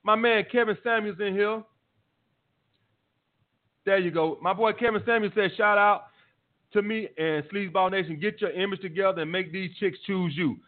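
A man's voice: high voice, normal speed, long pauses. Profane, blunt man on a tinny line. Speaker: dating advice host. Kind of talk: live call-in show, answering listener messages.

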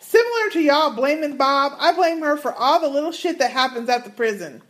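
A woman's voice: high voice, expressive, fairly quick. A woman co-hosting a casual podcast, reading listener emails aloud and adding her own comments. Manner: reads emails aloud with asides and laughs.

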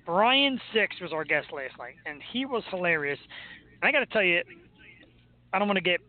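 Male talk host, high voice, loose jokey banter, tinny lo-fi audio. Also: sing-song, normal speed. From Philadelphia, US. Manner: joking, rambling, laughs often. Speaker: podcast host. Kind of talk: casual live show chat. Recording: tinny phone-like sound.

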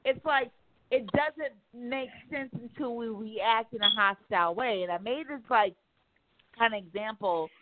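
A woman radio talk host speaking in a casual, animated, emphatic way, often cursing and acting out quotes. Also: a little high, unhurried, very noisy. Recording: tinny phone-like line, dry.

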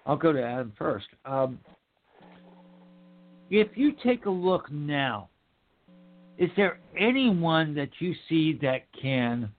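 A man's voice: on the high side, big pitch swings, slow pace, long pauses. Emphatic man on a tinny call. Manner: emphatic, swears, stammers on repeats. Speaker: podcast host. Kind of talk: casual chat. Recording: tinny phone-like line.

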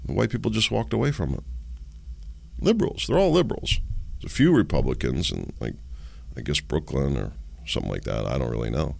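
A man's voice: fairly low pitch, very animated, a little fast, gravelly. A man hosting a political commentary podcast, talking alone with sarcastic, rhetorical questions to his listeners. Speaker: podcast host.

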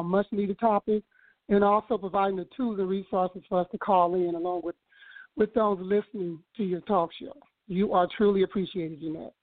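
A woman calling in to a radio show, speaking in an earnest, measured way with some fillers. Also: medium pitch. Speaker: caller, host's aunt. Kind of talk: call-in radio opinion. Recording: tinny phone line.

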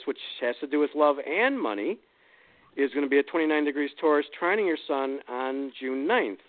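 A man walks callers through their astrology readings in a relaxed, explanatory way, filling pauses as he goes. His voice is a bit high. It comes through a dry, tinny phone line. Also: no room sound. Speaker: guest astrologer. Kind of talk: call-in radio astrology reading.

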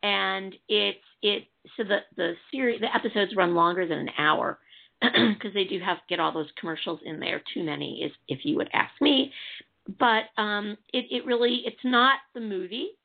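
A woman's voice: medium pitch, normal speed, gravelly. A woman from the Chicago area chatting casually as a TV review panelist, rambling with frequent restarts. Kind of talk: casual chat. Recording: tinny phone-like line.

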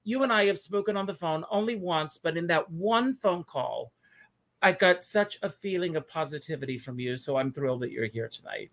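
A man from South Carolina hosting an online talk show, lively and chatty, laughing at his own jokes. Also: on the high side, moderate pace. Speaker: host.

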